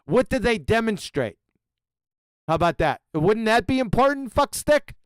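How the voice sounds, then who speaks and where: A man's voice: sits high, sing-song, moderate pace, smooth, no echo, clean studio sound. A man hosting a live stream, mocking a clip with profane, sarcastic commentary. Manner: ranting, insulting, sarcastic. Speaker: live stream host reacting to clips.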